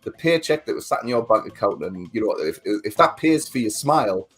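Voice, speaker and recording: A man's voice: lowish voice, animated, a little fast, slightly rough, faint music behind. A man in casual chat, ranting and swearing as he reviews a film he hated. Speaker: podcast co-host.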